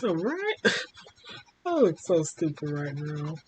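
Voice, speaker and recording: A young adult woman hosting a story time, reading a fan story aloud and breaking off with expressive commentary. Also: sits low, slow, slightly rough.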